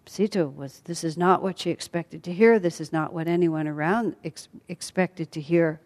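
A woman teacher retelling a story in a calm, reflective way with soft fillers. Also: fairly low pitch, normal speed, hardly any pauses. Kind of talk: storytelling lesson. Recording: long hall reverb.

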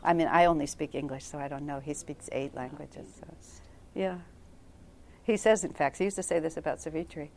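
Woman meditation teacher, casual lively storyteller, laughs easily, in front of a group. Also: low voice, a little fast, slight background noise. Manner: conversational, laughs often, animated storytelling. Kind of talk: informal spiritual class talk.

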